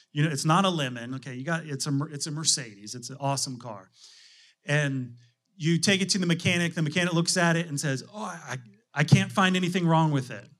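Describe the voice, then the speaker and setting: A man's voice: a little high, fairly bright tone. A middle-aged man, a pastor, delivering a conversational sermon full of restarts and rhetorical questions.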